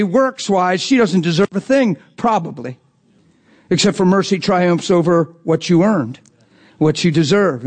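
A middle-aged man preaching a sermon through an animated story, acting out the voices of the people in it and laughing often. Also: high voice.

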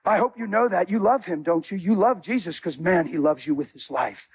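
Husky high-voiced male preacher. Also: a little fast. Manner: animated, storytelling with acted dialogue and laughter. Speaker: guest preacher. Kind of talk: sermon.

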